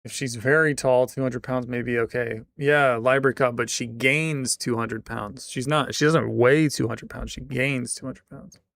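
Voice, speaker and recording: A man's voice: mid-range voice, steady tone, moderate pace, vocal fry, hardly any pauses, fairly bright tone, no room sound, studio quality. A man streaming live, chatting casually in a rambling way full of fillers.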